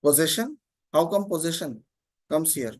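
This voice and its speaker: A man teaching an online grammar class, explaining slowly, repeating terms and often checking "Okay?". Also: a little high, expressive.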